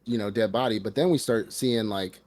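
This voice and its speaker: Man, American accent, lowish voice, casual podcast chat, animated retelling, lots of "like". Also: fairly quick. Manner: animated retelling with acted quotes, heavy filler "like". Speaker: podcast co-host.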